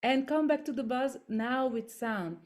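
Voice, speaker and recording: A woman with a fairly high voice leads voice and body exercises in unhurried, gentle steps, showing each one first. Her English has non-native phrasing, and she comes through a video call. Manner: gentle step-by-step coaching with demonstrations. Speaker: voice workshop leader.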